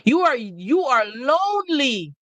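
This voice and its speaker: A woman's voice: high voice, sing-song, slow, a bit bright, no room sound, dull audio. Emphatic woman giving a motivational talk. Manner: emphatic and repetitive, hammering points home; informal, conversational, addresses the listener directly. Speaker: life coach vlogger.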